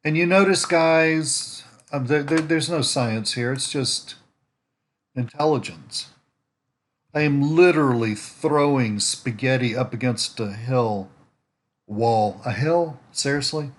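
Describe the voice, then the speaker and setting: At home in winter, a man with a medium-pitched voice talks slowly through a casual screen share. A network marketer prospecting on a social site, he thinks aloud while browsing profiles, rambling with restarts and asides.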